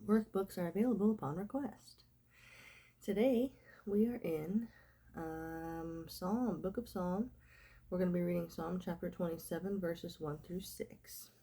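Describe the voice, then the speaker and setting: A young woman with a mellow, low-set voice, plainly stuffy and nasal from a cold. She hosts a devotional recovery talk, reading scripture and musing aloud with frequent "like"s and trailing asides. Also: measured pace, slightly rough. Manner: rambling, filler-heavy, with many "like"s. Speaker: host of a devotional recovery series.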